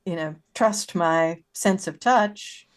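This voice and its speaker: Woman player, low-ish voice, slow and halting, unsure in-character delivery. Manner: hesitant, halting, many ums. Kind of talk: in-character roleplay in a horror game.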